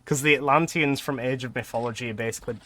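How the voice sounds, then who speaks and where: Young male streamer, bright clear tone, chatty, laughs a lot. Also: mid-range voice, steady tone, fast talker. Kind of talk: casual gameplay commentary.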